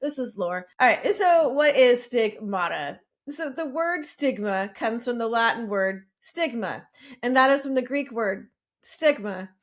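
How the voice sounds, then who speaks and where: A woman's voice: on the high side, expressive, unhurried. A woman co-hosting a casual podcast, chatting and reading lore aloud in a self-deprecating way. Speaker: podcast co-host presenting lore. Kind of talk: casual podcast recap chat.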